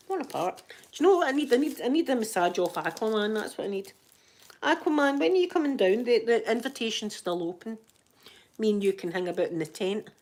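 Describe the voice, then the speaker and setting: Scottish woman, fifties, sore throat, soft rambling ASMR chat with a self-mocking streak. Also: mid-range voice. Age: 50s. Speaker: ASMR channel host.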